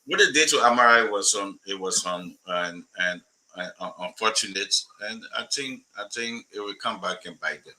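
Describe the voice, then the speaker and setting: A man on a political talk stream, speaking haltingly with many fillers. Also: on the low side, sharp tone, rough recording.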